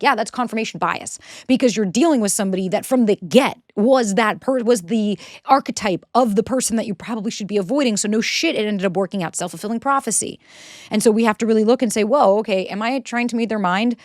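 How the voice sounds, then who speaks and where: A woman's voice: mid-range voice, dry recording, clean studio sound. Blunt, sarcastic woman giving relationship advice. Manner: blunt, sarcastic, swears freely. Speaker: relationship coach. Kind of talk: casual advice monologue.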